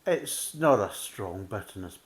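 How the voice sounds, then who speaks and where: Deep-voiced man reviewing beer. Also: expressive, a little slow. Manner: methodical, leans on filler words like "kind of". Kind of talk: casual tasting review.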